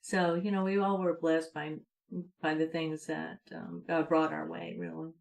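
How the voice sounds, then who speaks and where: An older woman, a mother and grandmother, chatting casually and softly with her daughters and laughing at herself. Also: low-pitched, level tone, gravelly. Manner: slow, soft-spoken, laughs at herself. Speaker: mother and co-host. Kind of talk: casual chat.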